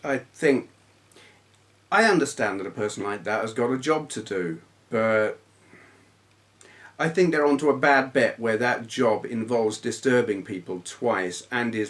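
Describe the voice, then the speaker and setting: A man's voice: mid-range voice, a bit bright. Guy grumbling about cold callers, blunt and sweary, loose casual chat. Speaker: retro gaming YouTuber. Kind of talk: casual rambling vlog chat.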